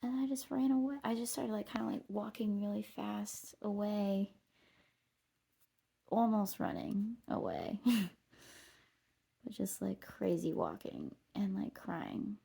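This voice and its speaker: A woman with a dark, mellow voice full of vocal fry tells a wandering personal story while out on a trail. She talks loosely and casually, drops a curse here and there, and laughs at herself. Her tone stays husky and low-key throughout. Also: sing-song, a little slow, long pauses. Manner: meandering, swears, laughs at herself. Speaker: vlogger. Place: outdoors on a walking trail.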